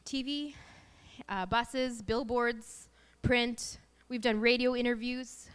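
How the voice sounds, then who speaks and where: A woman's voice: fairly high pitch, fairly even intonation, slow pace, clean tone. A woman in her thirties, a mother telling her family's story as a personal faith testimony, in an earnest and emotional way.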